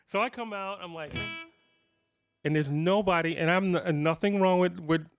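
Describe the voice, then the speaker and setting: A man's voice: high voice, normal speed, faint music behind. A man in his fifties, a guitarist telling funny stories to a live clinic audience. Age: 50s. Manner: animated, jokey anecdotes with frequent laughs. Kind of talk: casual storytelling to a live audience.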